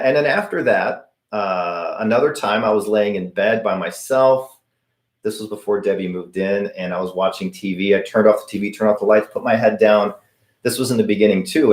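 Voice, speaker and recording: A middle-aged man hosts a live question-and-answer stream and answers in a chatty, story-driven way. His voice sits a bit low, and he acts out the voices he quotes. The room around him is echoey. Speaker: host of a paranormal channel answering viewer questions.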